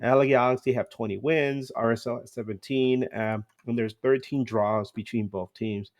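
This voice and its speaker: A man hosting a casual sports podcast, talking through match stats at a middle pitch. He is chatty and loose, laughing easily and filling pauses with "uh" and "um". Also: steady tone. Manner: chatty, laughs often, many fillers. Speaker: podcast host.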